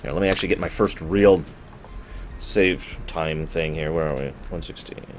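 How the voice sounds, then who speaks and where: A man's voice: a bass voice, normal speed, faint music behind. A man streaming and chatting casually with his viewers, rambling and correcting himself as he goes. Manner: rambling, conversational, self-correcting; talks to chat viewers.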